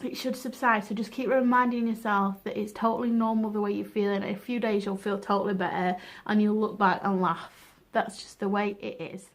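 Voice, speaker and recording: A woman's voice: mid-range voice, little pitch movement, fairly quick, hardly any pauses. A young woman giving frank, chatty advice in a casual vlog, laughing at herself now and then. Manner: chatty, frank, self-deprecating. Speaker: vlogger.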